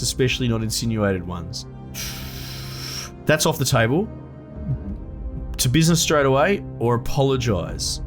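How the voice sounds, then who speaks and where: Excitable man reading a game aloud. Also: mid-range voice. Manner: excitable, self-amused, thinks aloud. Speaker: gameplay commentator.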